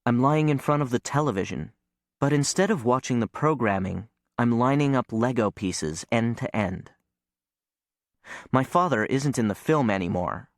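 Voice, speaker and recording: A man reading a novel aloud as first-person audiobook narration, calm and even. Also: medium pitch, normal speed, no echo, clean studio sound.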